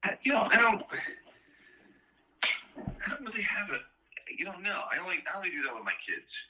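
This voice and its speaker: A man's voice: high-pitched, sing-song, moderate pace, bright, forceful tone. A man called on the phone by a coworker, bantering back in a playful, teasing way. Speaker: fellow meteorologist on the phone. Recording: phone call.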